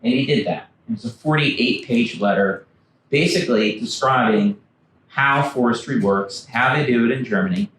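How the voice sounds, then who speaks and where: A former backcountry ranger turned author presents a storytelling slide talk at the library, voicing historical figures as he quotes them. He has a mid-range, fairly bright voice and speaks at a moderate pace. Heard from a distance in the echoey meeting room, the audio carries a faint hiss or hum.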